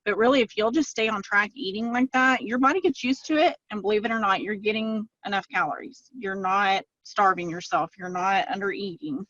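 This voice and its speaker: A woman chats casually, telling her story with lots of quoted asides. Her voice sits at a middling pitch. It is recorded dry and a bit dull, like a lo-fi call. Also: a little fast, few pauses, fairly bright tone, dry recording. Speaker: podcast guest, fitness client. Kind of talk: casual interview chat.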